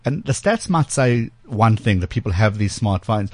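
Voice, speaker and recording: A man's voice: on the low side, expressive, normal speed, dry recording. A man hosting a tech radio talk show in a studio, talking casually with plenty of fillers and restarts. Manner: chatty, loose, frequent fillers and restarts. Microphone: studio microphone.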